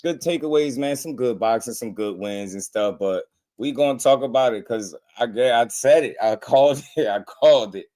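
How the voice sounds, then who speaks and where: A man's voice: medium pitch, normal speed. Laid-back New Jersey livestream host, a man, chuckling through loose slangy banter with viewers. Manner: laughs often, relaxed slangy banter. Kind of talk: casual livestream chat.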